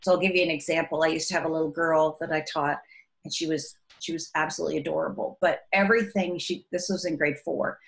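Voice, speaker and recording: Low-voiced woman educator, earnest interview talk. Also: quick pace, vocal fry. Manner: earnest, animated when telling classroom stories. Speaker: author and educator. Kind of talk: recorded interview.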